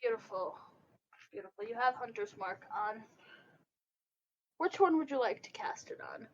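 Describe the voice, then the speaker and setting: A woman narrating as game master of a tabletop role-playing game, describing scenes slowly and deliberately with hesitant pauses. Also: a little high, expressive, dull audio, a little hiss or hum.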